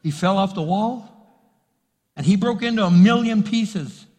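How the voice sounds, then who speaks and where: A man's voice: high-pitched, measured pace, a little mellow. A man preaching a sermon as pastor, building emphasis and acting out quotes. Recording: reverberant hall.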